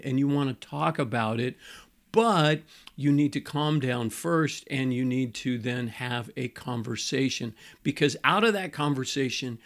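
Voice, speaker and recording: A middle-aged male pastor giving a conversational teaching on marriage, repeating key phrases and slowing down to stress a point. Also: mid-range voice.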